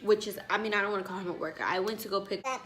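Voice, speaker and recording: A woman's voice: mid-range voice, racing, a bit bright, slight background noise. A young woman vlogger telling a story in a casual, sassy way, with lots of asides to her viewers.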